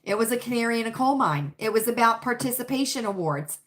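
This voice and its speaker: A woman's voice: on the high side, lively intonation, fast talker. A woman hosting a casual livestream, chatting and answering viewer comments in an emphatic, repetitive, opinionated way. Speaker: livestream host.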